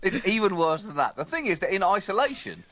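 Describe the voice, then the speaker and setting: A man's voice: sits high, sing-song, brisk, a bit bright, dry recording. A man co-hosting a comedy show, wry and mock-serious in satirical chat. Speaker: comedy co-host.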